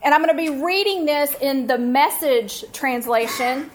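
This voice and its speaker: A middle-aged woman leading a women's conference breakout, teaching from scripture through a personal story told with animated, self-mocking humor. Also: sits high, normal speed, hardly any pauses, a little hiss or hum. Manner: warm, animated storytelling, laughing at herself.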